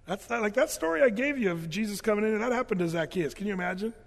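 A man preaching a sermon, telling Bible stories in an animated, folksy way with casual asides. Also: high-pitched, fast talker, gravelly, in a large hall. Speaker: pastor.

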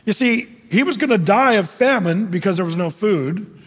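A man's voice: high-pitched, animated, normal speed, breathy edge. A male pastor preaching in a conversational way, putting questions to the audience between fillers. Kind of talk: sermon. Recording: long hall reverb.

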